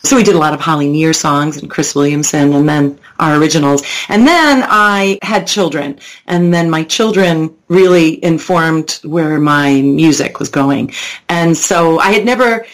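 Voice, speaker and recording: A woman's voice: low-pitched, unhurried. Chatty middle-aged woman from Long Island. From Long Island, New York. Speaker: guest, children's musician. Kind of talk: casual chat. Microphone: video call.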